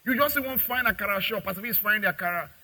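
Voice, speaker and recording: Husky preacher, bright voice. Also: male voice, high voice, quick pace, rough recording. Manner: lively preaching, acting out family and customer voices. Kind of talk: sermon with acted dialogue.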